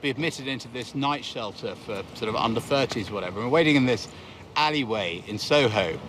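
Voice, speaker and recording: A man's voice: medium pitch, animated, a little fast, fairly bright tone. Guy remembering his undercover days, thoughtful, lots of ums, faint hiss behind. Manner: reflective, hesitant with fillers. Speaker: former undercover reporter.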